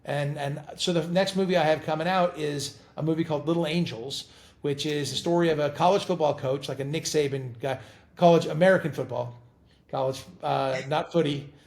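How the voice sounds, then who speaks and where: Middle-aged male guest, raspy edge, animated anecdotes, restarts and repeats. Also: fairly high pitch, brisk. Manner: animated storyteller, laughs and repeats words. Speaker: guest actor. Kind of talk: casual interview chat.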